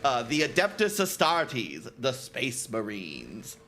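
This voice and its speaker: Bright-voiced, rambling, profane male streamer. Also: mid-range voice, huge pitch swings, slow pace, a little hiss or hum. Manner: rambling, profane, laughs often. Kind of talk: casual gaming stream chat. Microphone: headset.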